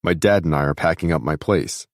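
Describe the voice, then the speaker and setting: Guy reading as a soft caring young man, deep voice, dry close sound. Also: brisk, no room sound. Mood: warm. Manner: soft, reassuring. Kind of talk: audiobook dialogue.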